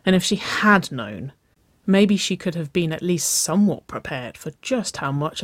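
A reader narrating a romance story in a slow, soft, intimate way. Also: medium pitch, lively intonation, dry recording, studio quality. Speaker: audiobook reader.

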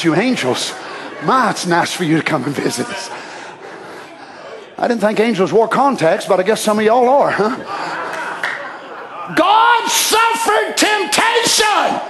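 High-voiced man preaching fervently in an echoey hall. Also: sing-song, a little slow, long pauses, a crowd in the background. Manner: shouting, fervent preaching with sudden drops to quiet asides. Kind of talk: impassioned sermon. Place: church sanctuary.

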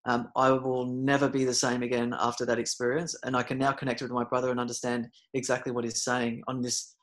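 A man, a podcast guest, telling a personal story in casual talk, full of fillers and restarts, and getting loud and animated at the dramatic moments. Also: medium pitch, a little fast. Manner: rambling, many fillers and restarts; gets loud and animated retelling scary moments.

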